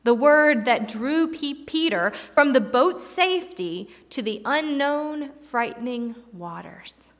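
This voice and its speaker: A woman preacher giving a reflective sermon with dramatic pauses, in a church hall. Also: high-pitched, animated, fairly bright tone. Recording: long hall reverb.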